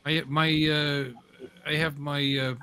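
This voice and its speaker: A man's voice: a little high, little pitch movement, takes it slowly, pushed and bright, a little hiss or hum. A man hosting a casual group video-call chat, joking and rambling, greeting callers by name. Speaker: host.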